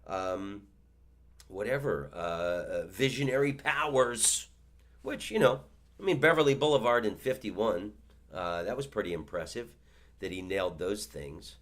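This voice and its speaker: Fifties man, comic storyteller, low voice with big swings, stumbles over his words. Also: unhurried. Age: 50s. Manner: animated, stammering restarts. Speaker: comedian and podcast host. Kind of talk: storytelling monologue.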